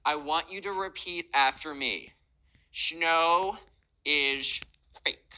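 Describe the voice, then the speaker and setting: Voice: mid-range voice, slow pace, sharp tone, smooth, voice pushed up, rough recording. A storytelling narrator voicing a smug Gen Z schoolboy who lectures his class in a bossy, preachy way.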